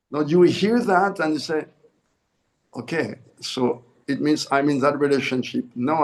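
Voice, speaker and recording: Earnest swami man, fairly high voice. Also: darkish tone. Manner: earnest, repeats and corrects himself mid-phrase. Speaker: swami giving a spiritual discourse. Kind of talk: sermon.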